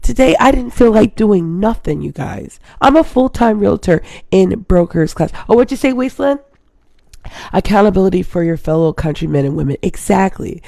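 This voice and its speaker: A woman's voice: mid-range voice, animated, normal speed, vocal fry, mellow, dry recording, clean studio sound. A woman in her thirties from Hawaii, hosting a casual live stream and rambling to her viewers. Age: 30s. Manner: rambling, chatty, keeps addressing viewers.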